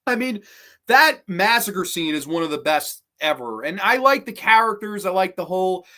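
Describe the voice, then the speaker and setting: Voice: mid-range voice, very animated, normal speed, sharp tone. A podcast host chatting casually on a livestream, blunt and profane, rambling through opinions and answering viewers. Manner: rambling, with frequent restarts and trailing asides. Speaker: podcast host ranking horror films.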